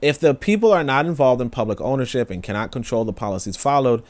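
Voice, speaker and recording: A man's voice: medium pitch, expressive, fast talker, a little mellow. A man hosting a stream, reading an essay aloud and breaking off for rambling, emotional asides full of fillers. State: tearful. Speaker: host reading and commenting. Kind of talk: livestream reading with casual commentary.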